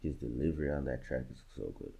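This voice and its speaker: Very deep gravelly young man reacting. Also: steady tone, fast talker, dark tone. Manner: agonized, swears often, talks to himself while choosing. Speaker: music bracket creator. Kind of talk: casual reaction commentary.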